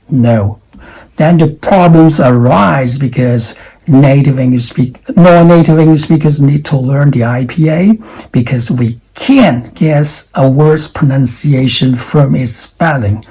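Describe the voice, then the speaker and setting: A man's voice: a little high, mellow, slightly rough, rough recording. A man teaching English pronunciation, drilling single words over and over and stopping to quiz the viewer. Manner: drills words slowly, repeats sounds, asks the viewer questions. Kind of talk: pronunciation lesson.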